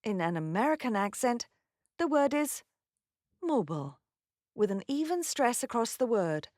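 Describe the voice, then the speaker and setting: A woman with a fairly high, very lively voice teaches pronunciation in a scripted lesson. She enunciates each word clearly and carefully. The recording is dry and close, with no room sound. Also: normal speed, dry recording.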